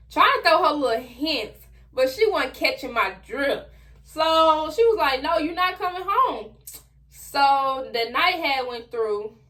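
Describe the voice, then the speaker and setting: A young adult woman telling a personal story straight to her viewers in a casual, slangy, animated way. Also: on the high side. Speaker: vlogger.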